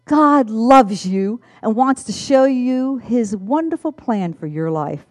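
An eager, earnest man behind a front desk, as a woman storyteller puts him on. He leans hard on his words with a lively, animated lilt, in a dry, close recording. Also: a little high, slow pace, dry recording. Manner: eager, emphatic.

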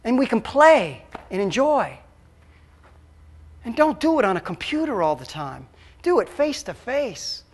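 A man preaching a sermon as a pastor, emphatic and swinging between loud and hushed. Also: extremely high pitch, sing-song, measured pace, long pauses.

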